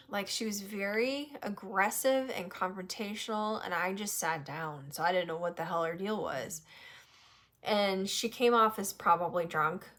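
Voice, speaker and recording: Animated woman telling a story. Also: medium pitch. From New Hampshire, USA. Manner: animated, swearing, laughs often. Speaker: podcast host. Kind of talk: casual storytelling chat.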